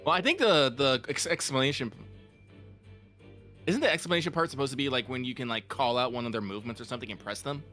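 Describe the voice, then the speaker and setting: A man's voice: medium pitch, animated, fast, pushed and bright, soft background music. A man casually commentating a game with a friend, reacting playfully to each twist. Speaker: let's play co-host.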